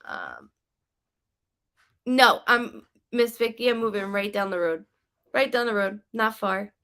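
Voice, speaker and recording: Chatty woman medium with a creaky voice. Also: mid-range voice, very animated, measured pace, sharp tone. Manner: chatty and rambling, frequent "like" and "um"; relays spirit messages to viewers. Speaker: psychic medium. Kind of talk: casual live-stream readings.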